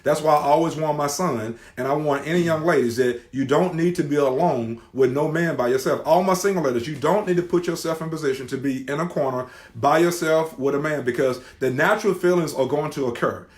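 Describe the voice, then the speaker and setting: Brief: middle-aged male co-host, loud and restless, raised voice, roomy sound. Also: fairly high pitch, a little fast, hardly any pauses. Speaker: co-host of a faith talk show. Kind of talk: loud, preachy casual talk. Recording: roomy echo.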